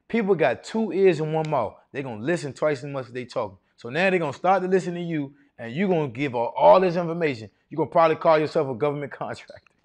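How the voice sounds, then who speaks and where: Male speaker, middle-aged, slightly high voice, preacherly seminar coach who quizzes the room. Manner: animated, preacherly, quizzing the crowd with questions. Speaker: masterclass speaker on federal contracting. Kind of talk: live seminar talk to an audience.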